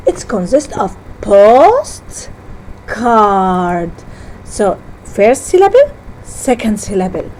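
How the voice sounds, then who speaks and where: Woman teacher, slow careful lesson delivery, lively rising and falling pitch, mellow tone with a faint hiss behind. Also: poor audio. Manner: slow, deliberate teaching with word-by-word repetition; self-correcting, halting phrasing. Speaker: English teacher. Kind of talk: classroom lesson on syllables.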